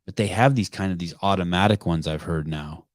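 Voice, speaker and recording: A man's voice: low voice, fairly quick, no room sound, clean studio sound. A middle-aged man hosting a podcast, telling a rambling family story with asides and self-corrections. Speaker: podcast host. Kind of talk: casual live call-in chat.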